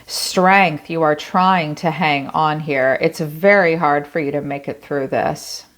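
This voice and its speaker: A woman's voice: low-pitched, steady tone, takes it slowly. A woman giving a tarot reading in a blunt, casual way, swearing freely and thinking aloud as she talks. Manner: conversational, thinking aloud with many "like" fillers. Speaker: tarot reader.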